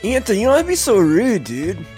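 Player, man, high lively voice, easygoing. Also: fast, faint music behind. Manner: laid-back, says dude a lot. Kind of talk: playing a tabletop game.

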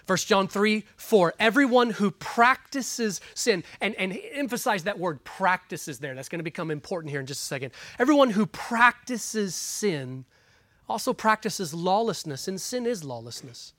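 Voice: medium pitch, expressive, moderate pace, few pauses, no echo. Earnest preacher with dry close sound. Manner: earnest, emphatic, shifts between loud stresses and quiet asides; guides listeners through Bible passages. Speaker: pastor. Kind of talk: sermon with scripture reading.

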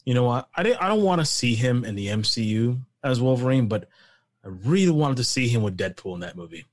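A man chatting casually during a movie watch-along, excitable, laughing easily and swearing. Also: mid-range voice, brisk. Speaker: co-host.

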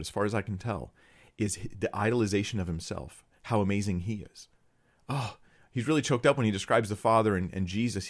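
Blunt deep-voiced man critiquing a teaching. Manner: blunt, sarcastic, addresses viewers as guys. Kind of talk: critical Bible commentary to viewers.

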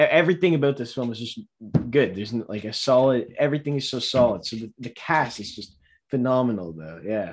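A man co-hosting a casual movie podcast, rambling with lots of fillers and restarts. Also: mid-range voice. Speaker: podcast co-host.

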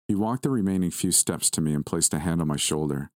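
A man narrating a first-person horror story in a measured, steady reading. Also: low-pitched, no echo, studio quality.

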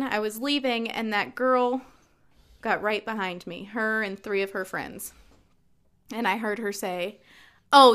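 A woman in her thirties co-hosting a casual podcast chat, telling stories animatedly and acting out the quotes. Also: on the high side. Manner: animated storyteller, acts out quotes. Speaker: podcast co-host.

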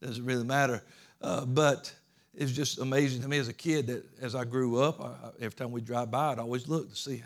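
A man's voice: medium pitch, fairly even intonation, a little fast. A middle-aged man with a Georgia Southern accent preaching a sermon in an earnest, folksy way, often repeating words.

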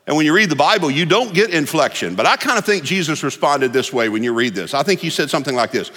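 A man's voice: fairly high pitch, lively intonation, fast talker, hardly any pauses, pushed and bright. A man preaching a folksy, humorous sermon to a church congregation. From Texas. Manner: folksy, humorous storytelling with repetitions. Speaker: pastor. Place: church sanctuary. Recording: long reverb of a church hall.

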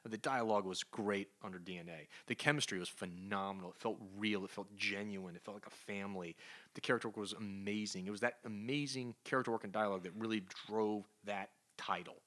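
A man co-hosting a comic book podcast, recapping an issue in casual chat and briefly putting on voices for the characters. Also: on the low side. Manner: animated retelling with quick put-on character voices. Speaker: podcast co-host.

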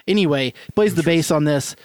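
A man's voice: fairly high pitch, moderate pace, darkish tone, clean tone, dry recording. A man co-hosting a music podcast, sharing eager, rambling theories about songs. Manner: enthusiastic, rambling, laughs often. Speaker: podcast co-host. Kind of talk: casual chat about music.

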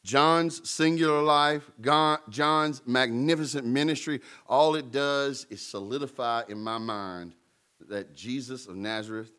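A man's voice: medium pitch, measured pace, a bit bright, smooth. A man preaching a sermon in a conversational way, with playful asides and emphatic peaks. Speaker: pastor.

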